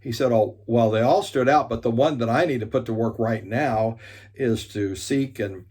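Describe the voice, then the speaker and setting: Animated male storyteller. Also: mid-range voice, normal speed, husky. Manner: animated storyteller, acts out quoted dialogue. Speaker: speaker and leadership teacher. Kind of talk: storytelling talk.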